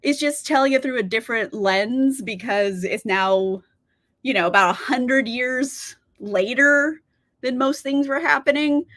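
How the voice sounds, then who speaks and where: A woman's voice: sits high, a little slow, fairly bright tone. A young woman hosting a livestream in casual chat, bubbly and giggly, greeting viewers by name. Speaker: livestream host.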